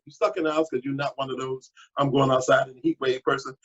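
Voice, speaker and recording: A man preaching a sermon as pastor, animated and exhortative, breaking into sudden high exclamations. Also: quick pace, lo-fi sound. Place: at home.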